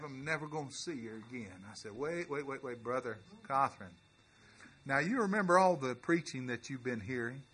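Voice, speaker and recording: Bright, husky-voiced preacher man. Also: on the high side. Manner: earnest, halting, with many restarts; rises to emphatic preaching. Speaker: pastor. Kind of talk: sermon storytelling.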